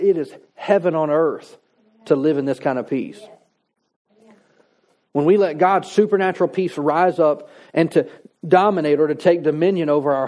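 A man's voice: a little high, darkish tone. A man preaching a sermon in a conversational, folksy way, reading scripture and adding plain-spoken asides. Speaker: pastor.

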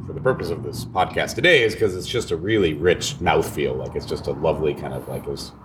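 A man co-hosting a coffee podcast and roasting the coffee, chatting casually in a fast, rambling way. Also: extremely low pitch, background noise. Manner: fast and rambling, with many restarts and laughs.

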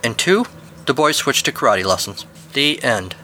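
A man's voice: mid-range voice, very animated, normal speed, bright, forceful tone, slight background noise. A man hosting a podcast, reading a scripted spooky story and outro with a dry, wry delivery.

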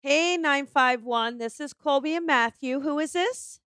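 A woman's voice: high voice, a little slow, fairly bright tone. A woman co-hosting a psychic call-in show, speaking in a motherly way and calling callers honey and sweetheart. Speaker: psychic medium co-host.

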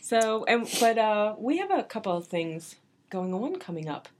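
A woman co-hosting a podcast in casual banter, upbeat and quick to laugh. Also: medium pitch, sing-song. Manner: upbeat, laughs often, chimes in. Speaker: podcast co-host.

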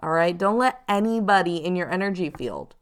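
Chatty woman with a low-ish voice. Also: brisk, smooth. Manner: chatty, animated, acts out quoted hustlers. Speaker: psychic reader and show host. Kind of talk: casual advice talk to viewers.

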